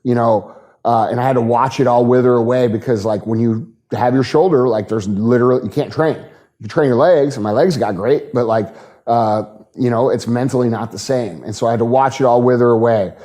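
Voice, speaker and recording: A man's voice: medium pitch, brisk, warm tone. A man in his forties, a podcast guest, speaking bluntly and repeating his points to drive them home. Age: 40s. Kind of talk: motivational podcast talk.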